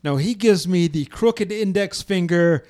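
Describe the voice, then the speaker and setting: Animated middle-aged man telling a story. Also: sits high, unhurried, noisy background. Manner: animated, restarts sentences, acts out quotes. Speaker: podcast host telling a story. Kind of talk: casual storytelling chat.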